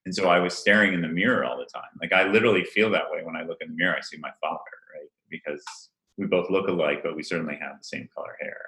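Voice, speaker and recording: Brief: deep, bright-toned man, forties, laughing, animated storyteller, roomy echo. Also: rapid-fire, hardly any pauses. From Rhode Island. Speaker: event planner guest. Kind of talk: casual interview chat.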